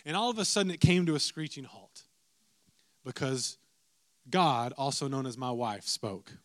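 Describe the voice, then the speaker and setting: A man's voice: medium pitch, lively intonation, moderate pace, a bit bright, no room sound. A young adult man preaching a sermon, telling a story with lots of repeated asides to the listeners. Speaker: pastor.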